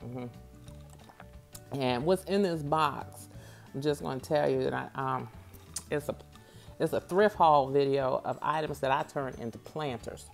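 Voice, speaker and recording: Woman vlogger, low voice, casual home chat straight to viewers, faint music underneath. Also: normal speed, gravelly. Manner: chatty, talks straight to viewers. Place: at home, off camera.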